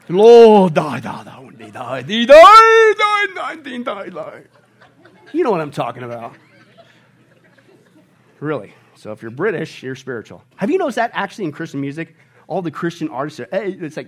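A high-voiced man preaches to his congregation with a very lively, swooping delivery. He jokes with the room and bursts out loudly now and then. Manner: animated, joking preacher with sudden loud bursts. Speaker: pastor. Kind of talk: sermon.

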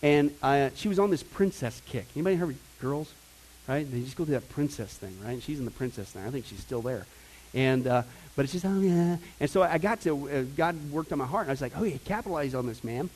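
A middle-aged pastor preaching a casual, energetic sermon, moving from quiet asides to loud emphasis. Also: male voice, medium pitch, quick pace, rough recording. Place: church sanctuary.

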